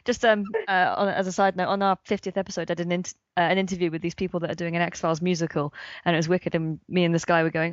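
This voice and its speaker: A woman's voice: on the low side, flat delivery, fast, few pauses, dry recording. A woman co-hosts a podcast, chatting and reading listener mail with frequent laughs. The sound is very dry, with no room around it. The audio is also dull and lo-fi. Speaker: podcast co-host.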